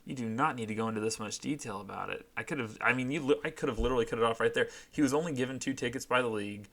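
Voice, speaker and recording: A man's voice: mid-range voice, racing, fairly bright tone. A young man hosting a comic read-through of his old fan fiction, self-mocking and sarcastic, at home. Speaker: channel host.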